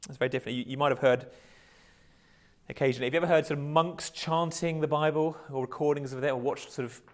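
Higher-voiced preacher, chatty. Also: male voice, steady tone, quick pace. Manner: conversational, self-correcting, light chuckles. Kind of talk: sermon.

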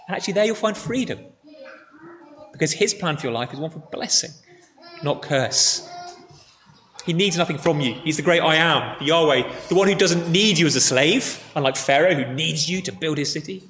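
A man with a fairly high voice preaches earnestly, hammering his points with repeated words. His voice rings through a large, echoey church hall. A faint hum of noise sits underneath. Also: animated, moderate pace, fairly bright tone. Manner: earnest, emphatic repetition. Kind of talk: sermon with closing prayer.

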